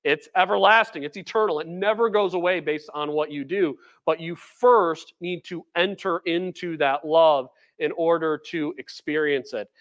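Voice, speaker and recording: A man delivers a sermon in an earnest, emphatic way, with his voice sitting slightly high for a man. He mixes relaxed, conversational asides with scripture passages read out with weight. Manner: conversational, with fillers and repeated phrases. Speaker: preacher. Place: church food pantry.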